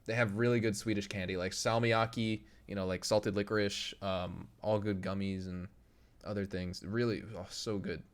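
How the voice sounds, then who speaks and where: A man's voice: on the low side, flat delivery, moderate pace. A young man streaming live, chatting casually with his viewers, reading their messages aloud and laughing often. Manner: loose, laughing, reads chat aloud and tries impressions.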